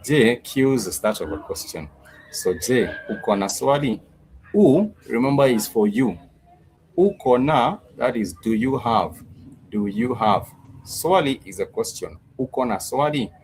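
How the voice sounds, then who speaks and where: A man teaching a Swahili lesson online, patiently repeating words and drilling them slowly, with plenty of fillers and restarts. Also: mid-range voice, animated, a little mellow, a little hiss or hum, poor audio.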